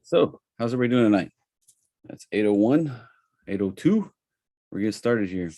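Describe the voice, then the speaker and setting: A man's voice: on the low side, moderate pace, no echo, clean studio sound. Chatty Southern man hosting a webinar. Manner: relaxed, chatty, with frequent fillers. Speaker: trading webinar host. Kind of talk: casual live webinar presentation.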